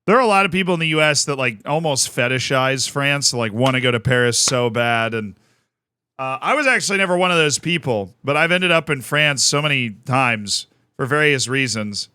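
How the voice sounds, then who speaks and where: A man's voice: mid-range voice, animated, normal speed, pushed and bright, clean tone, dry recording. A young man from the United States chatting casually on a live stream, rambling and self-mocking as he thanks viewers by name.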